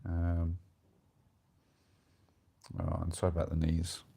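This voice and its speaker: A man's voice: deep voice, monotone, slow, gravelly, mellow, breathy edge. A man in his thirties with an English accent, chatting casually with viewers as the host of a live stream, rambling and self-deprecating. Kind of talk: casual chat reading viewer comments.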